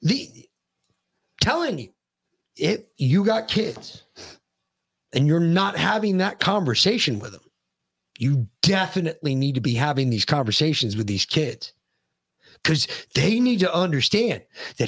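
A man's voice: fairly high pitch, big pitch swings, unhurried, pauses often, fairly bright tone, slightly rough. An American man co-hosting a podcast, telling a story in heated, profane, ranting bursts. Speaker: podcast co-host. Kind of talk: casual chat.

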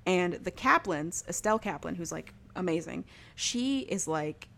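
A woman's voice: fairly low pitch, lively intonation, measured pace, creaky, fairly bright tone. A young woman casually recapping a TV show for a podcast, chatty and full of "like", laughing often. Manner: chatty, heavy use of "like", frequent laughs.

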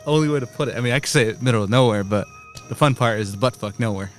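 A man co-hosts a casual, crude podcast outdoors at night. He tells stories, mimics his friends in mocking voices, and leans into dark jokes. Crickets chirp behind him, with faint music underneath. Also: mid-range voice, rapid-fire. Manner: storytelling, mock-quoting others, dark jokes. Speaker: podcast co-host. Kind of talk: casual chat.

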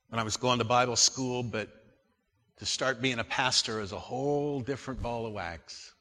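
A man in his sixties preaching a sermon as a pastor, earnest and unhurried as he reads scripture aloud. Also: mid-range voice, sharp tone, long reverb tail.

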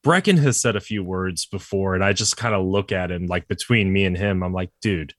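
A man in his thirties chatting casually, telling lively stories about his kids and swearing freely. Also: deep voice, a little fast, dry recording, studio quality. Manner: animated storytelling, swears freely. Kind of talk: casual chat.

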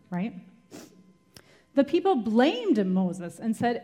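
A woman's voice: medium pitch, expressive, slow pace, pauses often, darkish tone. A woman giving a sermon as a Bible teacher, retelling scripture dramatically and asking the listeners rhetorical questions.

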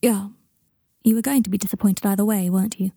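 A woman's voice: mid-range voice, fairly even intonation, fast talker, gravelly, mellow, husky, no room sound. A woman voicing a posh young wizard man with a dry, drawling manner. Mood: rueful.

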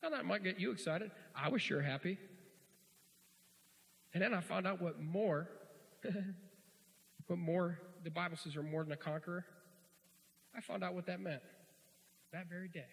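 A man preaching a sermon in a folksy, joking way, swinging from quiet asides to loud shouts, in a church. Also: sits high, a little slow, gravelly, long pauses. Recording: hall reverb.

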